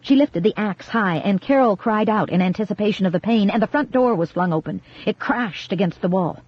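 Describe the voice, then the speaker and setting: A woman narrating an audiobook in a measured, dramatic reading style, recorded in a studio. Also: mid-range voice, no echo. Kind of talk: scripted narration. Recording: dull, dry 1980s cassette studio reading.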